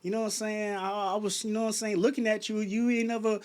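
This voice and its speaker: This is a high-pitched male vlogger from Chicago, in his 30s, talking fast with a flat, slightly mellow delivery. It's a late-night rant to camera, full of restarts and rhetorical questions aimed at his viewers.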